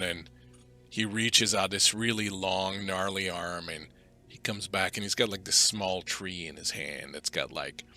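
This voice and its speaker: A man's voice: low-pitched, pushed and bright. A man who is the game master, narrating a tabletop game with vivid, dramatic scene-setting.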